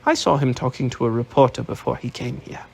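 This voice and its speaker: A man's voice: mid-range voice, fast, gravelly. A man reading an audiobook, voicing a distrustful young female rebel who speaks in curt accusations. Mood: accusing.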